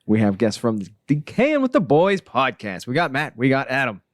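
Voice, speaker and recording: A man hosting a podcast with a lively, bouncing voice that rises and falls a lot. He keeps things in easy, joking banter with the people around him. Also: medium pitch, moderate pace, dry recording, studio quality. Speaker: podcast host. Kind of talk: casual chat.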